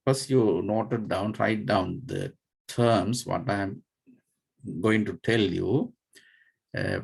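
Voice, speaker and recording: Slow, gravelly Sri monk teaching. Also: male voice, lowish voice, darkish tone. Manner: patient, spells out terms letter by letter, many fillers. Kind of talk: slow dharma class lecture.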